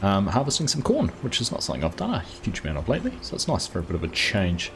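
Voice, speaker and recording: Low-voiced New man streaming games. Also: fast, slight background noise. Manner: chatty, greets viewers by name, relaxed. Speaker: streamer, host of a live farming game stream. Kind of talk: casual live-stream commentary while playing.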